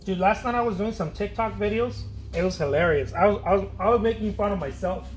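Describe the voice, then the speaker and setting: Boastful, playful male painter talking to his viewers; fairly high voice, faint ambient noise in the background. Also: a little fast. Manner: playful, boastful, hums and sings while working. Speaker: artist painting on a livestream. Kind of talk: casual chat while painting. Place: art studio.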